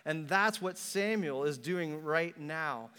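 A man preaching a sermon, telling stories animatedly and acting out the voices of the people in them, then dropping to a hush for emphasis. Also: on the high side, slow, clear, resonant tone. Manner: animated storytelling, acts out quotes, drops to a hush for emphasis. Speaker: pastor. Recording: long hall reverb.

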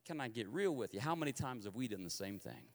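A man from Kansas preaching a sermon in a lively, conversational and confessional way, with a long hall reverb on his voice. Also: mid-range voice, fast, gravelly.

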